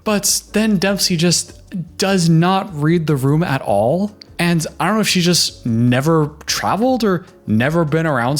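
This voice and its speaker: A man doing casual reaction commentary, chatty and opinionated, giving relationship advice. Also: on the high side.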